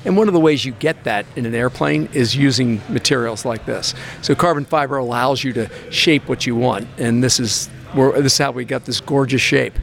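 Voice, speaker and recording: A man's voice: mid-range voice, moderate pace, vocal fry, hardly any pauses, fairly bright tone. A man who owns and flies a small plane, giving matter-of-fact answers in an interview at an outdoor expo. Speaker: pilot and aircraft owner.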